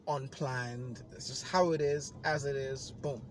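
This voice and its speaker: A man's voice: medium pitch, fairly even intonation, measured pace. Teasing man in a noisy car. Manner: teasing, jokey, laughs often. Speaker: podcast host. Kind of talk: casual chat. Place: inside a moving car.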